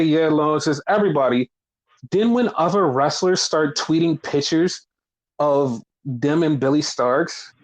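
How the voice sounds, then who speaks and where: A man's voice: a little high, poor audio. A man chatting casually on a wrestling podcast, rambling, swearing often and acting out his own reactions. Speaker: podcast co-host.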